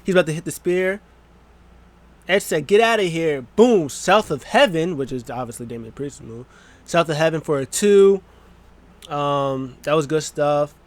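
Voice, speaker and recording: A young wrestling vlogger with a fairly high-pitched voice recaps matches in a casual, excitable, rambling way. Every so often he slips into quick silly voices.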